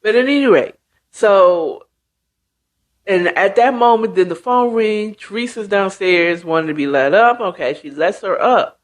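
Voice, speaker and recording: Brief: woman host, casual slangy story recap, unhurried delivery, pitch jumping around a lot. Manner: chatty, slangy, animated retelling with asides. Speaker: host retelling a book.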